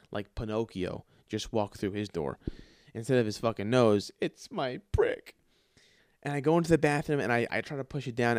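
A man hosting a solo comedy podcast, telling a crude, profanity-heavy story in an animated way. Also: medium pitch, dry recording, clean studio sound. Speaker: podcast host.

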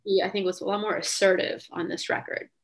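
This podcast host, a young adult woman, talks fast in an eager, casual chat, leaning heavily on "um" and "like." Her pitch is medium and her tone level.

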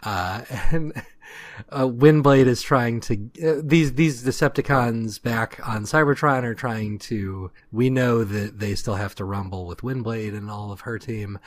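A man's voice: medium pitch, unhurried, no room sound. A man co-hosting a podcast, recapping a comic in casual chat with wry, dry asides. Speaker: podcast co-host.

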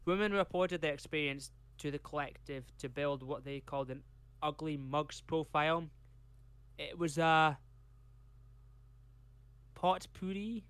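A man's voice: fairly high pitch, a bit bright, smooth, no echo. A Scottish man co-hosting a podcast, reading case notes from a script and breaking off for chatty tangents. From Scotland. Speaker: podcast co-host.

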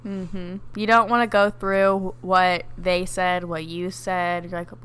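A woman's voice: lowish voice, little pitch movement, slow pace, few pauses, fairly bright tone, smooth. A young woman co-hosting a podcast, frank and giving advice in casual chat, laughing often. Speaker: podcast co-host.

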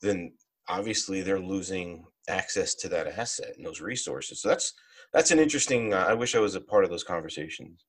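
Husky-voiced man talking security. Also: sits low, animated. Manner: thoughtful, halting, many restarts. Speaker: podcast co-host. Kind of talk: casual technical discussion.

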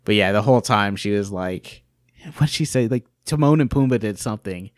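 A man's voice: lowish voice, animated, fairly quick, no room sound, studio quality. A man chatting casually as a co-host, easygoing and laughing often. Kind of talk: casual chat.

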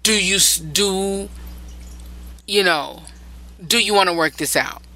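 A woman's voice: mid-range voice, slow pace, pushed and bright, rough recording. A woman hosting a relationship advice show, talking casually, stressing her points by repeating phrases and often rambling and restarting. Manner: loose, rambling delivery with restarts.

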